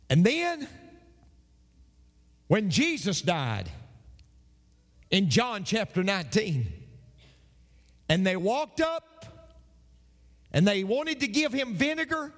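Male pastor, sermon, slow deliberate delivery, long echoing hall reverb. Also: high voice, wildly swooping pitch. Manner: emphatic preaching with dramatic pauses and repetition.

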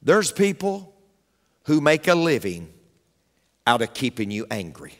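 A male pastor preaching a sermon, emphatic and repetitive, swinging between loud punches and quiet asides. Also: medium pitch, very animated, measured pace, long reverb tail.

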